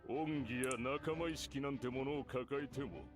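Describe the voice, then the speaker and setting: An actor playing a cynical, greedy mercenary in a video game, speaking bluntly and lecturing with scorn. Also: male voice, medium pitch, fast talker, over music, lightly acted. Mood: scornful.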